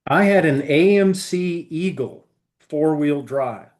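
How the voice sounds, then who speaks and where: A man's voice: on the high side, expressive, slow, a little mellow. A man co-hosting a podcast, telling long rambling stories in casual chat with many fillers. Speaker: podcast co-host.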